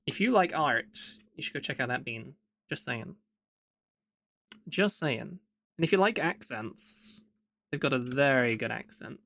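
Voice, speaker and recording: Gravelly English Midlands man. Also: mid-range voice, expressive, measured pace, pauses often, fairly bright tone, dry recording. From England. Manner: rambling, chuckles often. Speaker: streamer. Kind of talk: casual chat while drawing.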